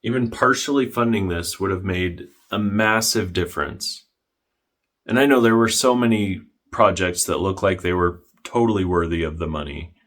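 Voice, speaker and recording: Deep-voiced man with dry deadpan narration. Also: normal speed. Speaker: history vlogger.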